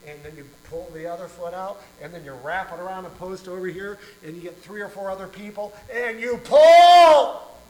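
A man preaching a sermon as pastor, telling a parable with lively acted-out voices. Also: high voice, quick pace, few pauses, roomy sound, low-quality recording. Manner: animated storytelling, acting out voices and shouts. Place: church.

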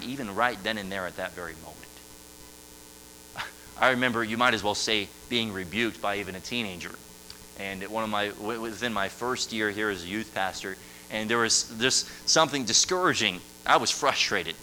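Bright-voiced preaching man, loud then hushed. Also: mid-range voice, a little hiss or hum, low-quality recording. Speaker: youth pastor. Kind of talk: sermon.

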